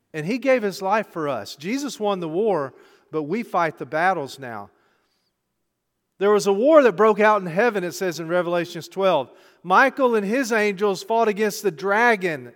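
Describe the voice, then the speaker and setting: A man preaching in a church, his voice fairly high for a man. He questions the congregation directly and breaks the tension with small jokes. A long reverb trails behind every phrase. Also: fairly bright tone. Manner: conversational preaching, rhetorical questions, light joking. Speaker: pastor. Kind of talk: sermon.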